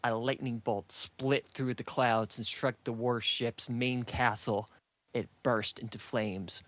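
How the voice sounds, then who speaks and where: A man with a mid-range voice narrates a fantasy audiobook, steady and measured in his storytelling. There is no room sound.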